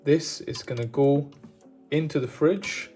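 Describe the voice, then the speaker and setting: A man's voice: fairly high pitch, a little slow, warm tone, soft background music. A man chatting casually and enthusiastically as he cooks, wandering off on tangents. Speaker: cooking vlogger. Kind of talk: casual cooking chat.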